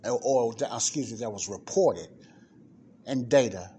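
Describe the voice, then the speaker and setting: A man's voice: mid-range voice, a little slow, dark tone, a little hiss or hum. Emphatic man reading figures aloud. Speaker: podcast host. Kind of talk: casual commentary, reading an article aloud.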